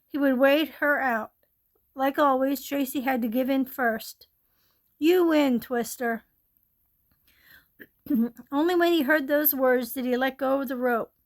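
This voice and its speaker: A woman steadily reading a ghost story aloud, gently and with small slips. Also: high-pitched, steady tone, moderate pace.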